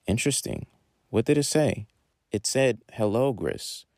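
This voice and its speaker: A man voicing an excitable teenage boy in a story reading, eager and raising his pitch. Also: unhurried, dry recording, clean studio sound, lightly acted.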